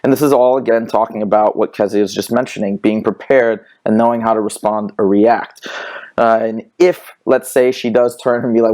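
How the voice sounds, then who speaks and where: Energetic male podcast host. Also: lowish voice, moderate pace. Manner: energetic, emphatic with repeated interjections. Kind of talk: podcast interview. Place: Los Angeles studio.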